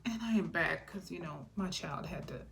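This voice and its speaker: A middle-aged woman giving a casual tarot reading in a chatty way, clearing her throat and laughing often. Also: fairly low pitch, moderate pace, fairly bright tone, soft background music. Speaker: tarot reader.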